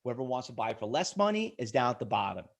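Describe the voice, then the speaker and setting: A man's voice: medium pitch, very animated, fast, creaky. A middle-aged man teaching day trading on a live webinar, selling hard with rhetorical questions and calling on viewers by name. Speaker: trading instructor. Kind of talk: live webinar sales pitch.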